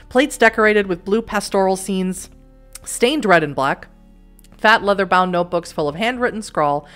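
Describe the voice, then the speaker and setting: A woman's voice: on the low side, a bit bright. Giggly young woman reading a story game. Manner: giggly, self-mocking asides. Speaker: let's play host.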